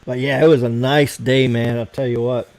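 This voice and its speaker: A man's voice: mid-range voice, little pitch movement, moderate pace, creaky, darkish tone, low-quality recording. An American man hosting a casual late-night livestream, rambling and swearing as he fiddles with his computer. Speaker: livestream host.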